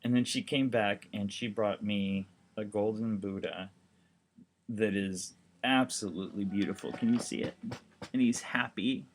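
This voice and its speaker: A man's voice: lowish voice, unhurried, slight background noise. A seriously ill man talking casually to the camera, rambling and heartfelt with lots of fillers. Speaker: documentary vlogger.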